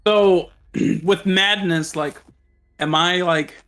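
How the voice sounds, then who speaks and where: A woman playing a tabletop role-playing game, slipping in and out of character with loud panicked outbursts. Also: fairly low pitch, steady tone, slow pace, faint music behind. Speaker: player.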